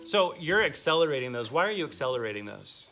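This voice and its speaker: A man's voice: medium pitch, very animated, quick pace, sharp tone. A man teaching a music masterclass, asking the class questions and counting out phrasing exercises. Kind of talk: classroom instruction.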